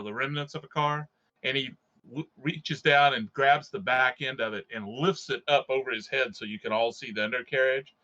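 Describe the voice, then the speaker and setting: A man's voice: medium pitch, bright, forceful tone, highs cut off. A man playing a tabletop game, describing his character's actions in vivid narration. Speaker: player.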